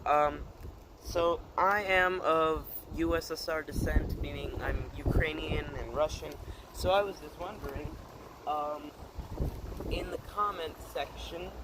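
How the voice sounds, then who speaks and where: A man chatting casually to his channel, rambling and hesitant, full of fillers and deadpan puns. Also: on the high side, measured pace, noisy background. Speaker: channel host. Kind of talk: casual vlog chat.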